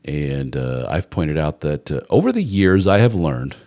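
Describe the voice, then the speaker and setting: A man with a very deep voice hosts a live advice stream in a loose conversational way. His intonation swings widely as he talks, and he is blunt and candid, with the odd swear word. He slips into mock voices for the people he quotes. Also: wildly swooping pitch, a little slow, gravelly, hardly any pauses, a little mellow.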